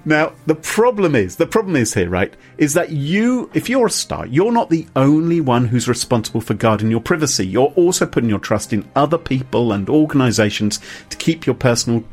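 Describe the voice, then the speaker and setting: A man co-hosting a podcast in casual chat, animated and chuckling as he reads quotes aloud. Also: mid-range voice, brisk, breathy edge, soft background music.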